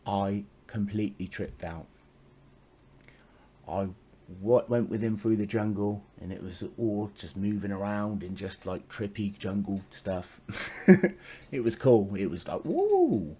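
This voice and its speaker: Low-voiced man rambling casually. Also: steady tone, unhurried, dark tone, slight background noise. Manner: meandering, swears casually, chuckles often. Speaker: spiritual storyteller.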